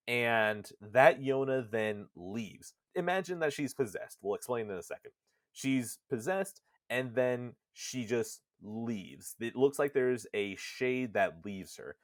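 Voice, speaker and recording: A man's voice: mid-range voice, lively intonation, slow pace, dry recording, studio quality. A man co-hosting a podcast, animatedly retelling a video game's story, swearing casually and slipping into character voices. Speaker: podcast co-host. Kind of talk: casual retelling of a game plot.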